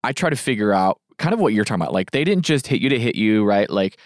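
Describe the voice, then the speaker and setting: A man's voice: fairly low pitch, very animated, quick pace, dry recording, clean studio sound. A man in his thirties co-hosting a podcast, chatty and casual, full of fillers and asides. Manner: chatty, frequent "like" and "right?". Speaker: podcast co-host.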